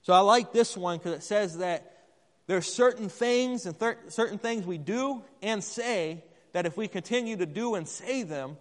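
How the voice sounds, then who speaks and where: A man with a high-pitched voice preaches a sermon in church at a measured pace, speaking conversationally and putting questions to the congregation. The recording has long hall reverb.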